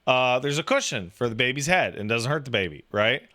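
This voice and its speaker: A man with a medium-pitched voice talks briskly and casually, rambling, swearing, and saying "like" constantly. He tells animated stories, acting out the quotes in different voices, his speech profane and full of filler.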